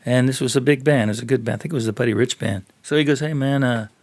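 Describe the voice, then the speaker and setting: A man, a bassist guest on a podcast interview, telling stories animatedly, acting out other people's voices and laughing often. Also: rapid-fire, darkish tone, no echo. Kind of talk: storytelling interview.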